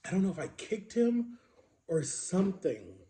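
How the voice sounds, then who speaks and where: A man telling a personal story to camera in an earnest, halting way, with frequent fillers. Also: high-pitched, big pitch swings, dark tone, slight background noise. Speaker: vlogger.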